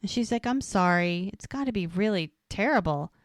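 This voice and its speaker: A woman's voice: mid-range voice, expressive, dry recording. A woman co-hosting a podcast, recapping a TV episode in a casual, chatty way and quoting the characters' lines as she goes. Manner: retells scenes, acting out the lines in quick quotes. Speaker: podcast co-host.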